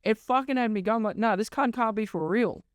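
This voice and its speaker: Aussie bloke ranting on his podcast, swears a lot, smooth clear voice, dry close mic. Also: high voice, brisk, no room sound. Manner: sweary, exasperated, sarcastic. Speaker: podcast host. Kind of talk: ranting monologue.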